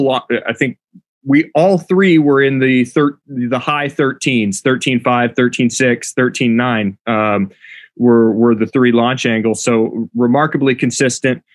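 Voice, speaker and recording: A man's voice: medium pitch, no room sound. A man, the show's producer, talking through club data in a casual podcast discussion with an analytical manner.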